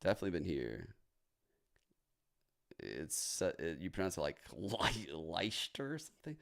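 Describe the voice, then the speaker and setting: Male streamer from New Orleans, deep and animated, loose joking delivery. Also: moderate pace, vocal fry. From New Orleans, United States. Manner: profane, joking, reacting out loud. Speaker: streamer hosting a watch party. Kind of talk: casual livestream chat.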